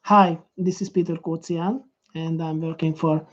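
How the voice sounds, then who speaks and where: A man's voice: a little high, fairly even intonation, measured pace, muffled recording. A man with a Hungarian accent, a business coach rehearsing a video introduction to camera, stopping and restarting with many fillers.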